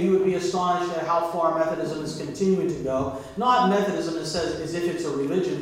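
Male pastor, higher voice, preaching and quizzing the congregation; distant mic in a booming hall. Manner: preaching with call-and-response questions to the congregation. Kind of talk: sermon. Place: church sanctuary. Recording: very echoey church from far off.

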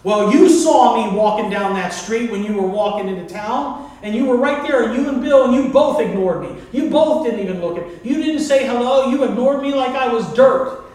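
An upset woman from the church fires off accusing questions, as a male pastor quotes her. The voice is raised and slightly higher. It echoes around a large hall, heard from a mic set far away. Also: a little mellow. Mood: indignant. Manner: indignant, rapid questions.

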